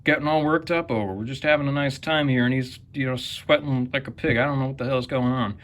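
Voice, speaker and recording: A man's voice: medium pitch, steady tone, fast talker, fairly bright tone, lightly acted. A man voicing an exasperated young woman who is puzzled by her nervous date.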